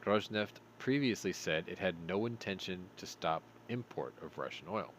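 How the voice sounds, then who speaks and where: A man's voice: sits low, animated, moderate pace, fairly bright tone, a little hiss or hum. A tired man hosting a show, reading news stories aloud and breaking off for sarcastic asides. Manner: sarcastic asides between read headlines. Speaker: show host.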